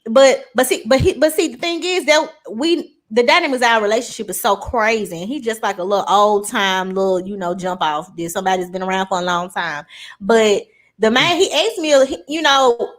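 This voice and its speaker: A woman co-hosting a podcast, telling a personal story in animated, casual chat full of swearing. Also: on the high side, fairly quick. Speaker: podcast co-host.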